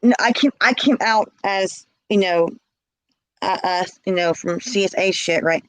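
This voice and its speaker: A woman's voice: mid-range voice, measured pace, no room sound, low-quality recording. A woman telling her own story in casual speech, blunt and emphatic, often repeating words.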